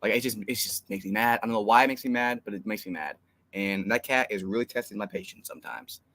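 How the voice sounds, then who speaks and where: A man's voice: lowish voice, fast talker, fairly bright tone. A young man co-hosting a fan live stream, rambling through an exasperated story with lots of fillers. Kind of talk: casual live stream chat.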